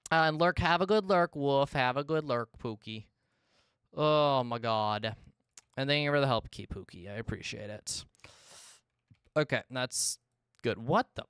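Chatty male streamer with a smooth voice. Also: medium pitch, unhurried, no room sound, studio quality. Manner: talks to himself and chat, exasperated outbursts, swings between loud yelps and mumbling. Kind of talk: casual live gameplay commentary. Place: his room at home.

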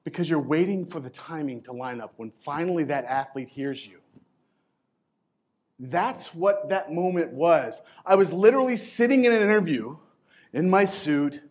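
A man's voice: on the high side, expressive. Emphatic man in his forties, storytelling. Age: 40s. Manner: emphatic, conversational, with short pauses. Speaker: keynote speaker at a coaching event. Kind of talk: storytelling motivational talk. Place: conference stage before a live audience.

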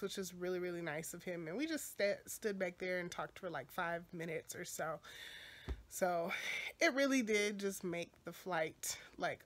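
A woman, telling a story in a casual, animated vlog and calling her viewers y'all. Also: lowish voice. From Texas. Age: 20s. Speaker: vlogger. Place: on the move through airport, car and stairwell. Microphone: phone held at arm's length. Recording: loud noise behind the voice.

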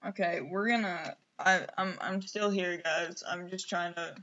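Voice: medium pitch, steady tone, measured pace, sharp tone, dull audio. A streamer rambling casually over gameplay, mumbling to themself and poking fun at themself, on a headset mic. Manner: self-mocking.

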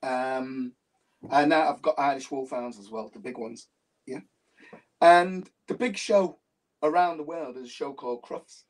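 Recorded at a distance from the mic, a man from Liverpool talks casually as an interview guest at a measured pace and medium pitch. He tells his stories with animation and repeats phrases for emphasis.

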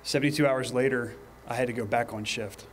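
A man in his thirties giving a fire department training talk, telling personal stories in an earnest way, with pauses and restarts. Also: mid-range voice, fairly even intonation, slight background noise. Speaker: fire department lieutenant presenter. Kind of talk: training presentation.

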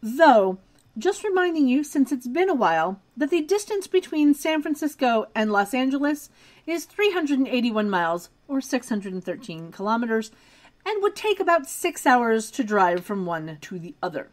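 Brief: young woman podcast co-host, chatty and wry, fairly high voice, casual episode recap. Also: big pitch swings, moderate pace. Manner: chatty, detailed, wry asides.

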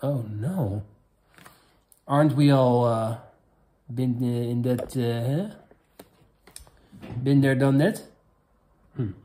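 A man with a Dutch accent, a native Dutch speaker, hosting a comedy vlog and reading out viewer questions in a crude, rambling, halting way. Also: mid-range voice, mellow. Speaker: host.

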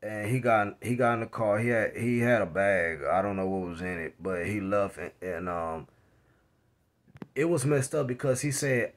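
A man's voice: fairly low pitch, moderate pace. A man vlogger telling a story in a casual, rambling way, repeating words and starting over.

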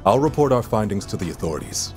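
Isaac, an earnest formal companion. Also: male voice, lowish voice, soft background music. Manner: calm, measured, formal. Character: earnest serious young man, weapon companion. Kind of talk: video game voice acting.

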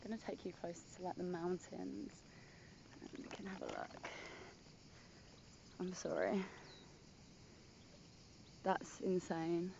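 A young woman chatting excitedly in a casual travel vlog outdoors at a villa, gushing and full of "like". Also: on the low side, slow pace, creaky, pauses often, muffled recording, a little hiss or hum. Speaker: vlogger.

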